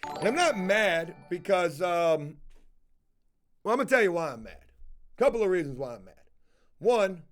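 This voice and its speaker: A man with a notably high voice talks casually to his camera audience. He tells his story bluntly, exasperated and swearing freely. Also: sing-song, normal speed, pauses often, soft background music. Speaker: vlogger.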